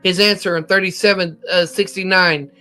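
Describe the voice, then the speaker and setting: Bright, high-voiced American man teaching scripture. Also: steady tone, normal speed, faint music behind. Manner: methodical, cites chapter and verse, occasional slips. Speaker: Bible teacher. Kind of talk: scripture lesson.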